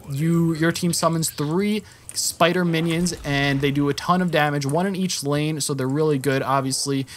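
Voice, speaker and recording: Young man, gameplay commentary, casual, rambling, slightly high voice, faint background noise. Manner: rambling, self-correcting, jumps up in excitement at action.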